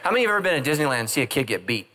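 A man's voice: mid-range voice, big pitch swings, racing, bright, forceful tone, slight background noise. A middle-aged man preaching a humorous sermon as pastor, joking and acting out quoted voices. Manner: jokey, acts out quoted voices.

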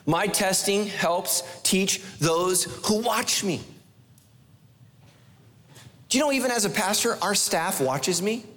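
A man preaching a sermon as pastor, animated, firing rhetorical questions at the congregation with playful asides. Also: high-pitched, takes it slowly, long pauses. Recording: long echoey hall reverb.

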